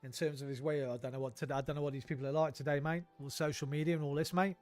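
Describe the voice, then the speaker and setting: Guy streaming a game, fairly high-voiced, ranting and sweary, faint music under. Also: steady tone, rapid-fire, a little mellow. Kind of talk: casual gameplay chat.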